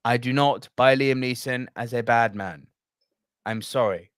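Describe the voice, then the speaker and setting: A young man co-hosting a casual podcast, talking in an animated, emphatic way with plenty of swearing. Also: mid-range voice, a little slow, clean tone, no echo, studio quality. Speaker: podcast co-host.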